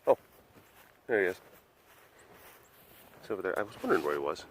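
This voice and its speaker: A man's voice: low-pitched, sing-song, a little fast, a bit bright. Man, casual vlog, rambling, playful, talks to animals, outdoors, faint background noise. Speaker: big cat facility vlogger. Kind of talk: casual walk-around commentary.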